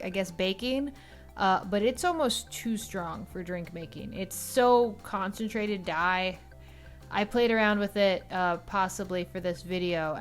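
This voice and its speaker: A woman hosting a cosplay and cocktail video, talking casually with a loose, chatty manner and plenty of fillers. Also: mid-range voice.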